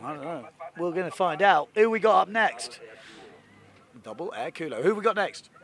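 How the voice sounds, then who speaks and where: A man giving jokey, excitable live commentary from a boat on a lake. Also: on the high side, moderate pace. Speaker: sports commentator.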